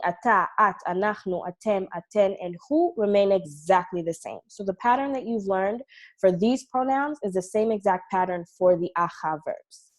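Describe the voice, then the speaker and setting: A woman teaching an online language lesson, explaining patiently and pronouncing drill words carefully. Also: mid-range voice. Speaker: Hebrew teacher.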